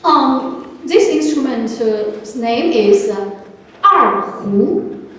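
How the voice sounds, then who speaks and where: A woman with a Chinese accent, a native Chinese speaker, teaching a class with slow, drawn-out, playful speech. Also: fairly high pitch, animated, fairly bright tone, slight background noise. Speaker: guest teacher. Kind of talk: classroom language demonstration. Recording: echoey hall from far off.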